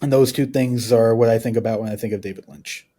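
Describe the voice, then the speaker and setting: A man's voice: medium pitch, fairly even intonation, fast, warm tone. A man, a guest on a podcast, telling personal stories in a rambling, casual way. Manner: rambling, uses many fillers.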